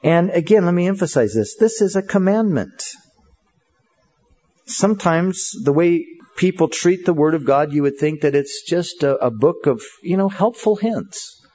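A man preaches a sermon in an earnest, conversational style, often reaching for fillers. His voice is mellow and slightly husky. The recording sounds dull and lo-fi. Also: fairly high pitch, expressive, moderate pace, hardly any pauses. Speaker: pastor.

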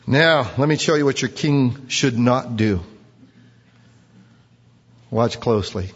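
Male preacher, mid-pitched, lively and questioning; muffled recording with long hall echo. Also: slow, husky. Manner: lively, quizzes the congregation, acts out quotes. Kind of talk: sermon.

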